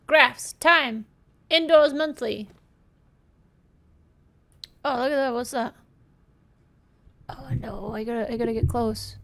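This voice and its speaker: A woman chats through a game on her stream, playful and prone to swearing, and reads the on-screen text aloud as she goes. Her voice sits high, and she talks at an unhurried pace. She is close on a desk microphone. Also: sharp tone. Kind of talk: casual gameplay commentary.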